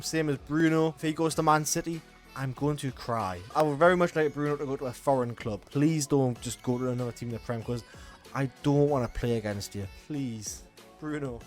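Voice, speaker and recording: A young man with a northern English accent giving a casual, passionate football opinion monologue, swearing and pleading with players. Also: mid-range voice. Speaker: football vlogger.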